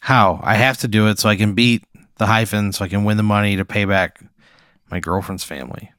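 A man's voice: fairly low pitch, steady tone, fairly quick, a bit bright, no echo, clean studio sound. Exasperated man in casual banter. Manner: exasperated, short replies. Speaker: podcast co-host answering a hypothetical. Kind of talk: casual comic chat.

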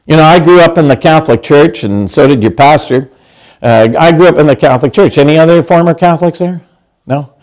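A middle-aged man preaches in a loose, chatty way, often stopping to ask his listeners a question. His voice sits a little higher than most men's. He restarts phrases often, as if talking with friends. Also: brisk, darkish tone, rough recording. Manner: chatty, asks the congregation questions, many restarts. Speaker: pastor. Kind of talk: conversational sermon.

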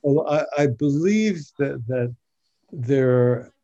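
Older man, podcast guest, halting speech, slow, mellow tone. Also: mid-range voice, animated, muffled recording. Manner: halting, many fillers and restarts. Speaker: guest translator of biblical poetry. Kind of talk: podcast interview.

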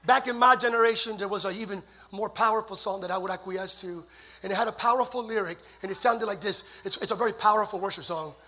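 A middle-aged man preaching a sermon, moving from quiet storytelling to shouted, fervent declarations and call-and-response with the congregation. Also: high-pitched, fast. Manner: playful, sings snatches of songs and jokes with the crowd. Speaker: pastor.

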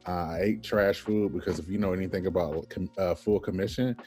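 Low-voiced man telling a lively story. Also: brisk, husky, soft background music. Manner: animated storyteller, acts out quoted voices, laughs often. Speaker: guest. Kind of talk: storytelling in a podcast interview.

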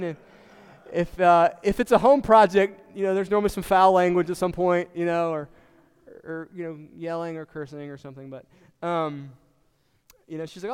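Male pastor, high and smooth, conversational sermon with questions to the room, church hall reverb. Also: fairly even intonation, normal speed. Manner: conversational, asks the congregation questions.

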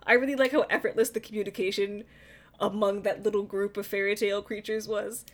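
A woman chatting casually about a film, animated, dropping into quieter asides. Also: medium pitch, a little fast. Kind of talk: casual chat.

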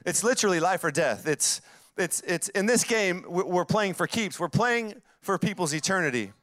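A man's voice: sits high, lively intonation, normal speed, fairly bright tone, no echo, clean studio sound. A man in his forties with a Southern accent, preaching a sermon with emphatic, repeated phrases that build up. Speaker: pastor.

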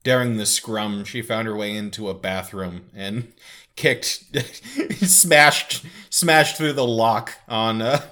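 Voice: medium pitch, takes it slowly, pushed and bright. A podcast co-host casually chatting about a story, stumbling over restarts and adding wry asides.

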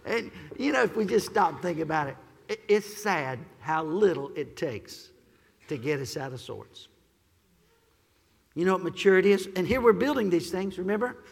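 A man preaching a sermon as pastor, swinging from shouted praise to quiet, gentle teaching. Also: high-pitched, very animated, measured pace, creaky, long pauses, husky, long reverb tail.

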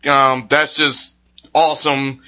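A man's voice: medium pitch, little pitch movement, slow pace, sharp tone, muffled recording. A man hosting a podcast, wrapping up a casual interview with a guest, enthusiastic and thankful. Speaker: podcast host.

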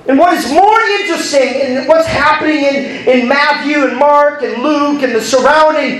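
Male pastor, very high voice, sermon, storytelling, very roomy echo, distant mic. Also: normal speed, a bit bright. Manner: storytelling with laughs, call-and-response.

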